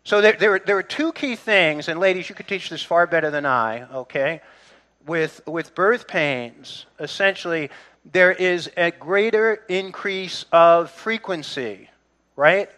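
A man's voice: a little high, unhurried, pushed and bright. A middle-aged man preaching a sermon in a church, conversational, with restarts and asides to the congregation. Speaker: pastor.

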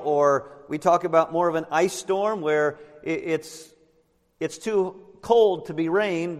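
A man preaches in a high voice, explaining scripture verse by verse. He often turns to the congregation with questions. His voice carries a long reverb from a church sanctuary. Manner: explanatory, asks the listeners questions. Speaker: pastor. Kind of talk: sermon.

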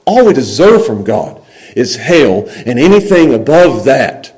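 A man's voice: mid-range voice, big pitch swings, a little slow, darkish tone, rough recording. A middle-aged man preaching a sermon, acting out people's complaints in grumbling voices and chuckling as he goes.

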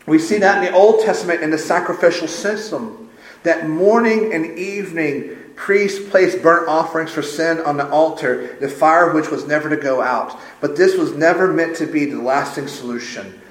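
A man's voice: on the high side, normal speed. A man preaching a sermon as pastor, stressing points by repeating phrases. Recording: roomy echo.

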